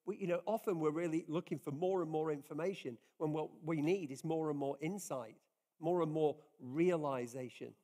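Man preaching in a mellow voice. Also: fairly high pitch, moderate pace. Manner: earnest, conversational preaching with frequent restarts. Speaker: pastor. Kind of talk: sermon. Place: church service.

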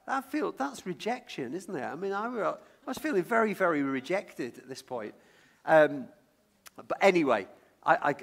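A middle-aged Lancashire man with a fairly high, slightly bright voice preaches a chatty sermon. He recounts a childhood story, frequently stumbles and repeats words mid-sentence, and pulls the congregation in by asking them to shout out guesses.

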